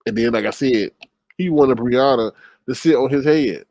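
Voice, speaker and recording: A man's voice: medium pitch, moderate pace, creaky, darkish tone, no echo. A man telling a story in casual commentary, gossipy, with dramatic exclamations. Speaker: commentary vlogger.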